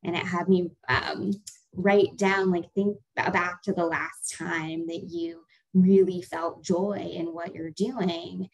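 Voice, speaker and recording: Reflective woman with a low voice. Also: fairly even intonation, takes it slowly, low-quality recording. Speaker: co-founder co-hosting a talk. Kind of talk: casual conversational talk.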